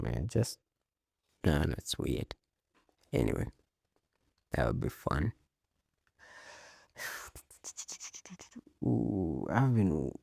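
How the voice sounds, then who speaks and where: A man with a low, gravelly voice hosts a loose solo talk show at an unhurried pace. His tone is dark and mellow, and the sound is close and dry. He rambles, swears casually and laughs at his own jokes. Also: no room sound. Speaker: podcast host.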